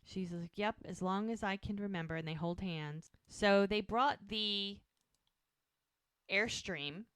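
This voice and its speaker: In studio-quality audio with no echo, a woman co-hosting a podcast chats casually through an episode recap. She brings lively energy, performing lines as she goes and jumping rapidly between pitches.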